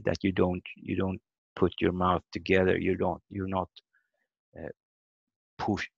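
A man with a low, creaky, slightly rough voice teaches a language lesson over a video call, explaining things step by step and sounding words out letter by letter. There's no echo, but the call audio is dull and lo-fi.

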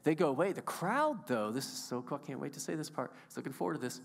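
A pastor with a voice on the high side, lively intonation, and some vocal fry preaches fast in a church sanctuary. His manner is playful and enthusiastic as he interacts with the congregation, all under a long hall reverb.

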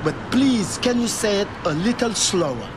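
A slow, stiffly formal man keeps apologizing as he asks again, his high voice swinging widely in pitch. It is a film comedy scene recorded outdoors with clear traffic noise behind. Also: sing-song. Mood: baffled. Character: overly polite, baffled man questioning. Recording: outdoor street noise, passing cars.

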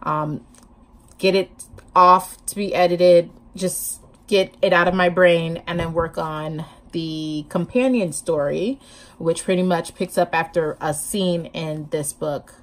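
A woman's voice: lowish voice, fairly even intonation, takes it slowly. A woman vlogging casually to camera about her writing, hyper and chatty, laughing often, talking with her hands, a bit sleep-deprived.

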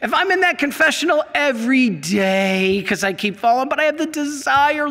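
A man's voice: very high voice, moderate pace, vocal fry, long reverb tail. A male priest teaching about faith, telling stories with feeling and acting out the voices in them. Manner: animated storyteller, acts out quoted voices; emotional, worked up.

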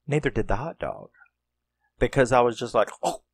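A man's voice: mid-range voice, wildly swooping pitch, moderate pace, vocal fry, husky, no echo. A man casually reviewing a horror film, rambling, swearing and acting out characters' lines.

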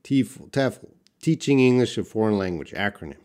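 A man teaching a live online English writing lesson, reading example sentences aloud and quizzing viewers in a patient, unhurried way. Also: fairly low pitch, expressive, mellow.

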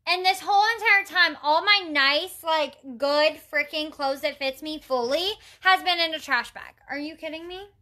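A woman's voice: high voice, normal speed, hardly any pauses, bright, forceful tone. A young woman chatting casually while doing her makeup on a livestream, telling stories in an exasperated, talkative way and greeting viewers. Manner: chatty, exasperated storytelling, reads and greets chat. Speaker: makeup vlogger.

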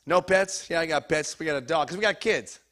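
High, bright-voiced stand-up comic man. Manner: loud, fast-joking, teases the audience. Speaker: stand-up comedian. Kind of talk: stand-up comedy set with crowd work. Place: comedy show before a live audience.

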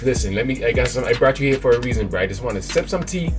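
A man voicing a calm male ice warrior who tries to talk someone down in casual slang, with game music behind. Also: medium pitch, very fast, lightly acted. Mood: placating. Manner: slangy, placating.

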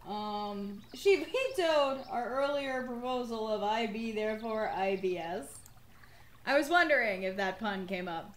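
Her voice is on the high side, expressive, and slightly worn, and she speaks a little slowly. The young woman plays through a game on stream, chatting casually, cursing freely, and laughing a lot.

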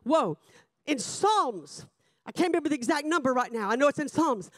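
A woman preaches a revival sermon in a high, ringing voice. She rises into shouted exhortation, then drops into quiet, confiding asides. The sound is close and dry. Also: lively intonation, normal speed, no echo. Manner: swings between shouted preaching and hushed asides.

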